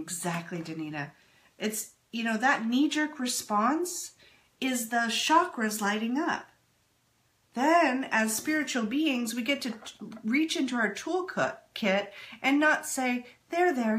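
A woman's voice: a little high, a bit bright. A woman giving an earnest, emphatic spiritual talk to her audience, full of rhetorical questions. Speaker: spiritual teacher.

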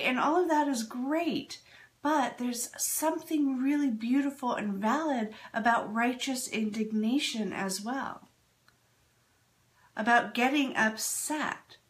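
A woman giving a casual, candid talk on spirituality, animated and quick to laugh at herself. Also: a little high. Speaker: spiritual speaker.

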